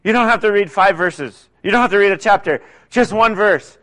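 A man preaching a conversational sermon, often dropping to soft, quiet asides. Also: sits high, a little fast. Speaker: pastor.

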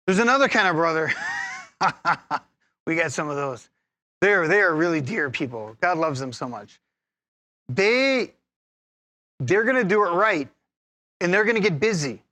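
A man preaching a sermon as pastor, lively and humorous, teasing his congregation and laughing often. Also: a little high, a little slow, pauses often, no room sound.

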